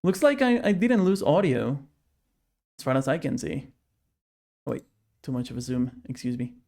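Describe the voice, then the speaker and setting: A man offers casual live-stream commentary while gaming, chatting and jokingly haggling with characters on screen. His medium-pitched voice is animated, creaky and darkish, at a moderate pace.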